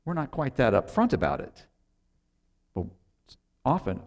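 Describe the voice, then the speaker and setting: A man's voice: mid-range voice, wildly swooping pitch, a little slow, a little mellow. Man preaching a storytelling sermon. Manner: storytelling, acting out quoted characters with sarcasm. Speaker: pastor.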